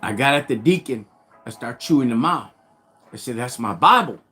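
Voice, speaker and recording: A man's voice: medium pitch, moderate pace, breathy edge, faint music behind. A man telling a story from his past on a live stream, heavy on street slang and getting fired up as he goes. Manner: street slang, gets fired up and loud when retelling. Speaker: livestream host.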